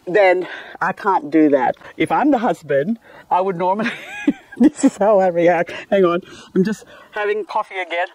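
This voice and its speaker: A woman's voice: on the low side, animated, moderate pace, a little mellow, dry recording. A woman vlogging casually about her succulents and married life, laughing often mid-sentence. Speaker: gardening vlogger. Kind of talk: casual chat to camera.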